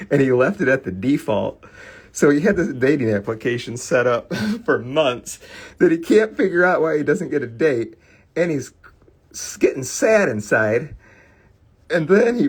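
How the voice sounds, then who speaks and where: A man's voice: medium pitch, slightly rough. A middle-aged man hosting a casual card-cleaning livestream, rambling through a funny story and talking to his viewers. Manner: rambling storyteller, laughs often, chatty with viewers.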